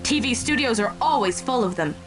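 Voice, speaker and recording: A woman playing a lively, encouraging friend. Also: on the high side, a little fast, music in the background, natural voice. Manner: encouraging, playful. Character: upbeat young woman, supportive friend on the phone.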